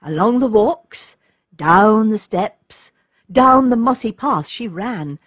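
Woman storybook narrator, unhurried, breathy, animated pitch. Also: no echo, studio quality. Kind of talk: storybook reading.

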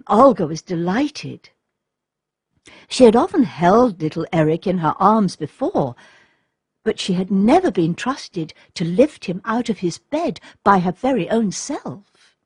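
A woman narrates a storybook in a calm, measured reading. Her voice is husky and her pace is slow and unhurried. The recording is dry and close, with no room echo. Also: medium pitch. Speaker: audiobook narrator.

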